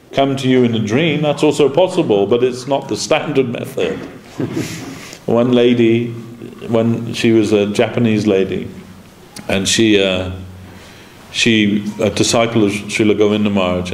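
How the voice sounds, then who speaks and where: A man with a lowish, darkish voice gives a relaxed devotional class as a spiritual teacher, spinning anecdotes, voicing the characters' lines, and chuckling. It was recorded in an echoey temple lecture room with faint background noise.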